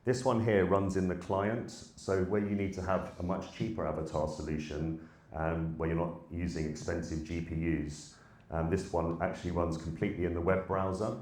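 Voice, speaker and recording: A man's voice: sits low, flat delivery, normal speed, a little mellow. A man presenting a live AI avatar demo on a conference stage, chatty and a little apologetic as he prompts the avatars. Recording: echoey hall.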